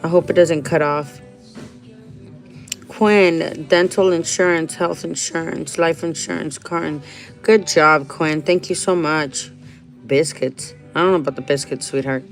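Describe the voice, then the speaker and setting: A woman's voice: low voice, fairly even intonation, unhurried, soft background music. A woman vlogger talking casually and rambling, with frequent restarts, laughing often and dropping in Spanish phrases, in a restaurant. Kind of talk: casual vlog chat.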